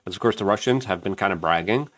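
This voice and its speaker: A man hosting an online news show, giving an opinion commentary straight to camera. He rants emphatically and repeats himself rapidly, and he mimics other people in raised, mocking voices. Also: sits low. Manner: excitable, emphatic ranting with rapid repetition. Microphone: camera-mounted.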